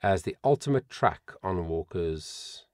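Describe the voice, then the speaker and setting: Man, vocal coach, reaction video commentary, expressive swooping pitch, dry close sound. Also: a little slow, no echo. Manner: reads song facts aloud with animated asides.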